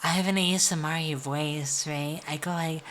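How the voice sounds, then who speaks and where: A woman's voice: sits low, steady tone, normal speed, fairly bright tone, slight background noise. A tipsy woman streamer chatting casually in a giggly, rambling way. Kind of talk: casual live-stream chat.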